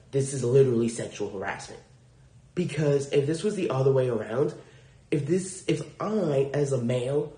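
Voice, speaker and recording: A man's voice: medium pitch, mellow. Blunt, swearing man in a roomy space. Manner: blunt, frequent swearing, indignant. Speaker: podcast host. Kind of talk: solo podcast monologue. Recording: roomy echo.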